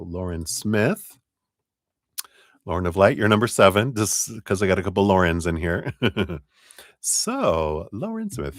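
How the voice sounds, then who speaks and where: A man's voice: fairly low pitch, dry recording, studio quality. A man giving a live tarot reading, chatty and laughing often, acting out little quotes as he goes. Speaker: tarot reader.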